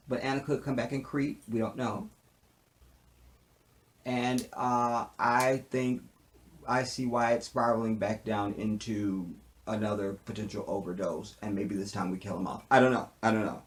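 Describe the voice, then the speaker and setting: A man giving a casual recap of a TV drama episode, animated, with streetwise slang, often acting out the characters' lines. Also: medium pitch. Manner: animated, acts out character lines in quick impressions; streetwise slang, repeats tag phrases. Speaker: TV show reviewer.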